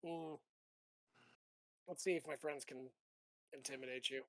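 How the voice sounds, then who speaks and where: A man playing a tabletop role-playing game, animated and swearing freely. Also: medium pitch, a little slow. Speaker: player. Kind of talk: casual tabletop game play.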